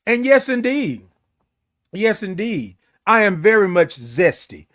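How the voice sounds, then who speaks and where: A playful, flamboyant man hosts a morning livestream, his voice sitting high for a man. He chats loosely with viewers and drags his greetings out long. The sound is close and dry, with no room echo. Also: big pitch swings, a little slow, fairly bright tone. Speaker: host of a morning livestream show. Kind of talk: casual livestream chat reading viewer comments.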